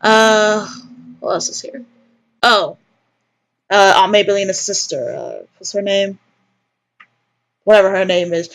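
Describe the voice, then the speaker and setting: A woman narrating her own let's-play, chatting and rambling as she reads through a story game. Her talk is loose and joking, sprinkled with casual swearing. Her pitch sits right in the middle for a woman. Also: measured pace, pauses often. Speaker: gamer, let's-play host.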